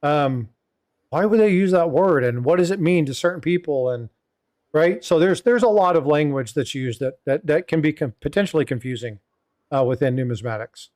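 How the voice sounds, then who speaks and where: A man's voice: on the high side, lively intonation, normal speed, a little mellow, no room sound, clean studio sound. A middle-aged man hosting a casual livestream chat, rambling with many fillers and asides. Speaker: host.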